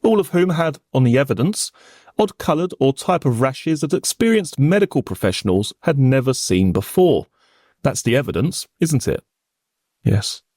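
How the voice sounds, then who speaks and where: A man cross-examining a witness in a formal, probing manner, pressing with pointed questions. His pitch rises and falls a lot as he presses, and the sound is close and dry with no room around it. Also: big pitch swings, moderate pace, a little mellow, no echo. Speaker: prosecuting barrister in reenactment. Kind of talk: courtroom cross-examination reenactment.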